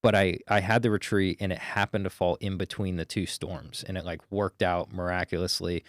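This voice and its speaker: A man in his thirties talks as a podcast guest, telling stories about sales with energy and a loose, casual edge. His voice sits low, and the recording is dry and close, with no room sound. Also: fairly quick, no echo. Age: 30s. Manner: energetic storyteller, swears casually. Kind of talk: casual interview talk.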